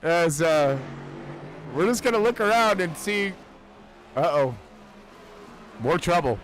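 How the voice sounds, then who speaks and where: A man giving casual, jokey sim racing commentary who gets excitable and shouts when cars crash. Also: sits high, slight background noise, poor audio. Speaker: race commentator.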